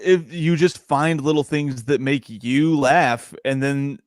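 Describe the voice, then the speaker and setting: A man's voice: a little high, slow, no echo, clean studio sound. Laughing young man telling comedy stories. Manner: animated, laughs often, repeats words. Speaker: stand-up comedian guest. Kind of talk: casual podcast chat.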